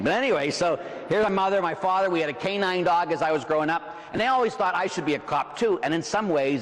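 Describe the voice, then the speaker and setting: A priest from Pittsburgh with a Pittsburgh accent, preaching an evening sermon with personal stories. He slows and sinks low for emphasis, and tags his points with "huh?" and "right?". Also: long reverb tail. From Pittsburgh, USA. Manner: slows and drops low for emphasis, then rises.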